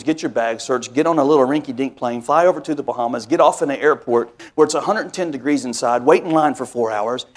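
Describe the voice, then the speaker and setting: High-voiced man preaching with folksy call-outs. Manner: folksy storytelling with call-and-response asides; builds into emphatic repetitive cadences. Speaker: pastor. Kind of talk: preaching a sermon.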